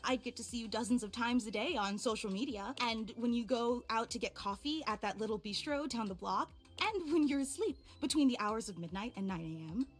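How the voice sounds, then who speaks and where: A woman's voice: fairly high pitch, expressive, fairly quick, few pauses, soft background music, natural voice. A woman voicing a clingy, overemotional female fan in a game, gushing and tearful. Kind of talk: game voice acting.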